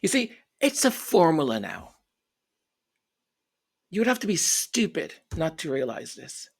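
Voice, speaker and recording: A woman's voice: low-pitched, big pitch swings, a little slow, vocal fry, slightly rough. A woman giving an opinionated commentary rant, scornful and emphatic, repeating and tripping over her words. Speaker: royal commentary vlogger.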